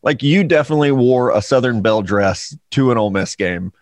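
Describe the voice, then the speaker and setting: A man's voice: medium pitch, animated, fairly quick, dry recording. A man co-hosting a podcast in casual chat, teasing and joking with his co-hosts. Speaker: podcast co-host.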